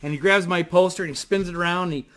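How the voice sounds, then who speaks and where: A man with a bright, forceful voice sitting pitched a touch high for a guy. He rambles through his story with plenty of fillers and casual swearing, excited and loose, talking to camera from his desk at home. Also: quick pace. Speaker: vlogger. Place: home desk in front of a computer.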